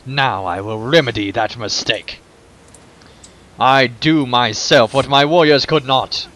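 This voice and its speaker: A man's voice: mid-range voice, slow, a bit bright. A man voicing an arrogant, cruel male warlord villain, reading game dialogue aloud with boastful menace. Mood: menacing.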